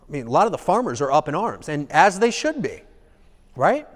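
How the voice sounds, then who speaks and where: A man giving a live seminar talk in an animated way, acting out examples and checking in with the audience. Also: fairly high pitch, a little fast, big-room sound. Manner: animated, acts out examples, asks the audience "okay?". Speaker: seminar speaker.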